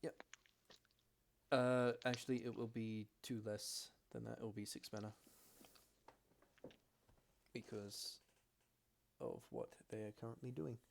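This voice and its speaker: A man as game master, narrating a tabletop game in steady description with frequent fillers. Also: medium pitch, a little slow, creaky, long pauses, slight background noise.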